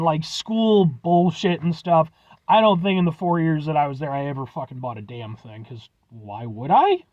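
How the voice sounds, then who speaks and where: A man's voice: high voice, lo-fi sound. A man reviewing snacks on his vlog, rambling and joking, swearing casually as he signs off. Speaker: food review vlogger.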